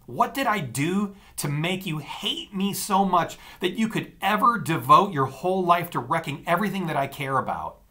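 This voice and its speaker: A man's voice: high-pitched, lively intonation, moderate pace, few pauses, pushed and bright, voice pushed up. A man voicing a furious teenage boy ranting at his sister in an audiobook. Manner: ranting, raw. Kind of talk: audiobook dialogue.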